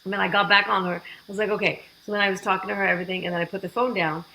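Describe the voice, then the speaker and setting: A woman guest on a podcast, telling her story in a lively way and acting out the dialogue she quotes. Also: mid-range voice, racing, vocal fry, slight background noise, rough recording. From United States. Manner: animated, acts out quoted dialogue. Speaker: fitness program founder, guest.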